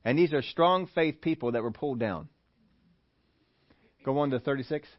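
A man preaching a sermon, animated, who acts out the voices he quotes. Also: medium pitch, moderate pace, no room sound, dull audio. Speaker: pastor.

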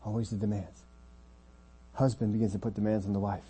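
A man preaching a sermon as pastor of a church, earnest, often dropping his voice quiet to make a point. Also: on the low side, level tone, brisk, husky.

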